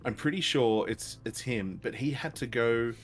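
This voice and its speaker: A man's voice: mid-range voice, moderate pace. A man co-hosting a casual film review chat, easygoing and chiming in with trivia. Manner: easygoing, chimes in with trivia and agreement. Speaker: podcast co-host.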